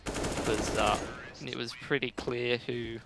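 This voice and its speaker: Gravelly esports analyst over noise. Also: male voice, mid-range voice, little pitch movement. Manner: dry, measured analysis with wry asides. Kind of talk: esports colour commentary.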